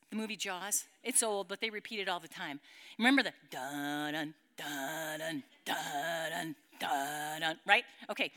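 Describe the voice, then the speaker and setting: A woman's voice: a little high, sharp tone. A woman teaching a Bible passage to a group in a dramatic way. She keeps checking in with her listeners and acts out the story's sound effects.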